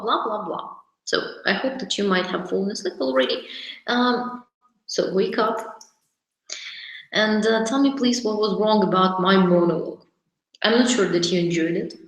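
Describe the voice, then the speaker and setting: Woman, English teacher on a webinar, slow and hesitant, echoey room. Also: medium pitch. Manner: hesitant, with many fillers and restarts; explains slowly, stressing key words. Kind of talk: online lesson.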